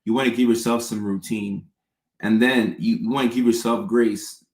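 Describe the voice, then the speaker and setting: A man's voice: fairly low pitch, steady tone, normal speed, a little mellow, echoey room. A man hosting a casual livestream, chatting as he reads out viewer questions and answers them.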